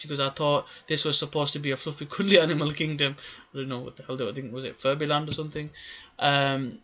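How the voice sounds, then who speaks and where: A man's voice: on the high side, bright, forceful tone. A man giving a casual, rambling recap of a comic chapter, with many filler words. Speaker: manga reviewer.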